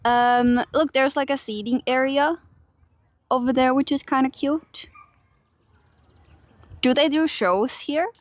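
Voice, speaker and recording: A chatty young woman from Finland, talking loosely to her stream chat as she strolls outdoors with a phone in hand. Her voice sits a little high and she laughs easily between remarks, in an open-air, phone-mic sound. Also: takes it slowly, long pauses. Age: young adult. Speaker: IRL streamer. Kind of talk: casual livestream chat while walking. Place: outdoors in a park. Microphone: handheld phone camera.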